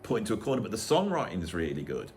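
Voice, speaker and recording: A Birmingham man in his fifties hosts a casual album-ranking chat, and his pitch swings widely as he talks. He is chatty and animated, and he often quotes his own reactions. A faint hiss sits in the background. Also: racing. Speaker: podcast host. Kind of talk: casual music review chat.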